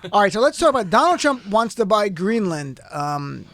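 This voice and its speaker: A man hosting a live panel talk show, telling stories in a joking, animated way. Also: sits high, normal speed.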